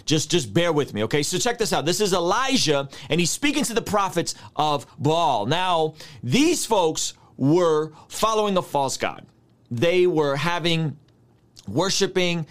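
A man teaching a sermon on scripture, talking straight to his listeners in a conversational way and breaking into mock-outraged asides. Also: on the high side. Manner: addresses listeners directly, conversational. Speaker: preacher.

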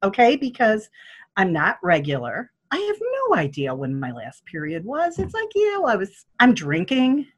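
An older woman telling a personal story in a casual interview, animated and acting out what people said. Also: mid-range voice, moderate pace, slightly rough. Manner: animated, acting out quoted speech. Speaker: guest.

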